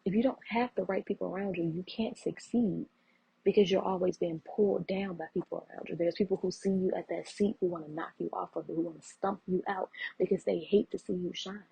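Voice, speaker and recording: Thirties woman, raspy gravelly solo podcast host, earnest and preachy. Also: fairly low pitch, steady tone, a little fast, mellow, dry recording. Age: 30s. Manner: earnest, preachy, repeats phrases for emphasis. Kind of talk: heartfelt solo podcast talk. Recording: muffled lo-fi audio.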